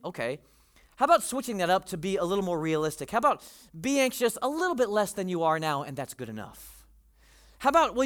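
Pastor, forties, male; high voice, animated and conversational preaching. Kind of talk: sermon.

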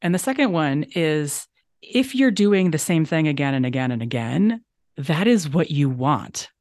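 A woman's voice: low voice, expressive, measured pace, darkish tone, dry recording, clean studio sound. A woman guest on a business podcast, talking emphatically and repeating phrases for stress. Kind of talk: conversational interview.

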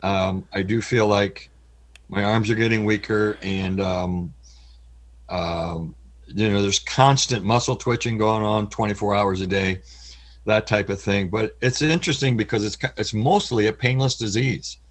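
Middle-aged male interview guest, low husky voice, halting and heartfelt, voice prone to cracking. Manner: halting, earnest, pauses often. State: voice cracks with emotion. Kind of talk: candid personal interview.

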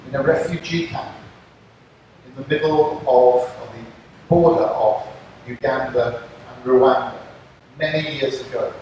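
Older man speaking slow at a campfire, far from the mic, big echo, faint outdoor sounds behind. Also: mid-range voice, a little mellow, slight background noise. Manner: slow, measured, deliberate. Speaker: speaker addressing scouts. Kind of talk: speech with storytelling. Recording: distant mic, echoey with long reverb.

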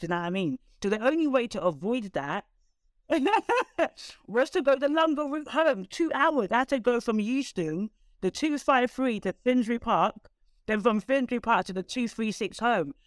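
A woman, a guest telling her life story in conversation, candid and animated with quick asides. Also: medium pitch, no echo, clean studio sound. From London, England.

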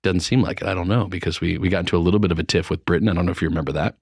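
A man's voice: low voice, fairly even intonation, racing, a little mellow, breathy edge, no echo, studio quality. A man hosting a radio morning show, chatting casually with a playful, teasing manner. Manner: joking, playful, teasing asides. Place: radio studio. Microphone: studio microphone.

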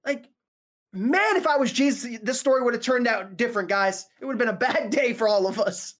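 A woman's voice: fairly high pitch, lively intonation, brisk. A woman preaching a casual sermon, talking conversationally with joking, slangy asides.

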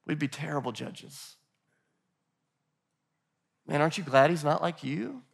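A man with a fairly high voice preaches a sermon in a loose, conversational way, as if talking with friends. He leans into the quoted voices of the people in the scripture he reads. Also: lively intonation, unhurried, creaky, husky. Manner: conversational preaching, calls the congregation "guys". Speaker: pastor. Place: church in Nashville.

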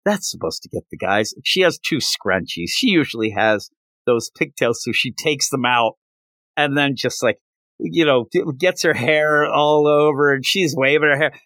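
A man's voice: mid-range voice, normal speed, a bit bright, no echo. A man hosting a podcast, recapping a manga chapter in a rambling, casual storytelling style full of fillers. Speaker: podcast host.

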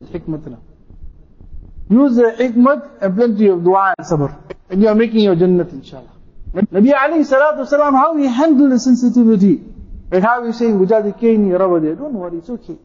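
A man's voice: high-pitched, a little mellow, dull audio. A man, a mufti, preaching a sermon, repeating phrases for emphasis and reciting Arabic quotations. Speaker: mufti giving a talk.

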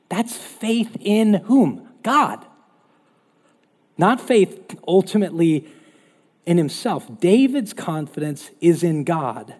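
A male pastor preaching a lively, conversational sermon. His voice is somewhat high, husky and mellow, and it swings up and down. A long hall reverb trails after his words. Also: slow.

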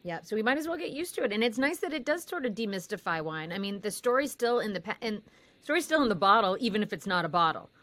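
A woman hosting a casual interview, chatty and quick to laugh, often restarting her sentences. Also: mid-range voice, sing-song, a bit bright. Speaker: host.

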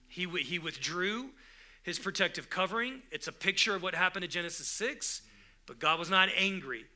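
A man's voice: sits high, pushed and bright. A man preaching a sermon in a conversational way, often restarting his sentences and rising to emphatic bursts. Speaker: pastor.

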